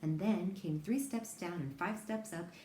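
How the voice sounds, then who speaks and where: A woman reads a children's novel aloud in a low, mellow voice, gentle and lively as she tells the story. The room around her has a noticeable echo, with a faint hiss underneath. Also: measured pace. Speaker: reader.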